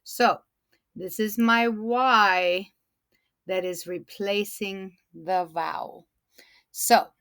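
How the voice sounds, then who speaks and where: A woman teaches a phonics lesson at an unhurried, careful pace, drawing out and repeating each word for young learners. Her voice sits at an ordinary middle pitch and is recorded close and dry, with no room sound. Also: vocal fry, fairly bright tone, no echo. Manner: slow, deliberate, stretches and repeats words.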